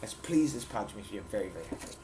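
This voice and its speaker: Playful dad reading a picture book. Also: male voice, on the low side, big pitch swings, fast, warm tone, a little hiss or hum. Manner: playful, explains words and points at pictures. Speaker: father reading to his children. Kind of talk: reading a picture book aloud with chatty asides.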